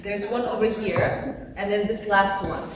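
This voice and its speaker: A moderator calling on audience members at a public forum, brisk and directing. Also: medium pitch, fairly even intonation, recorded from a distance, noisy background. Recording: echoey hall recording from afar.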